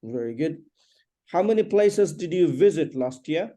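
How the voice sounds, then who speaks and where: Patient man teaching English, dark voice. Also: fairly high pitch, animated. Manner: patient, repeats questions, explains slowly. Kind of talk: one-on-one English lesson drill.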